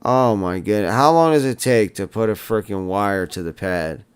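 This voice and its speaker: A low, smooth-voiced man chatting through a hands-on tutorial, muttering to himself as he works at a bench. His voice sits a little deep and resonant, relaxed and conversational. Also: normal speed. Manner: chatty, talks to himself while soldering, muttering frustration. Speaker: drone building tutorial host.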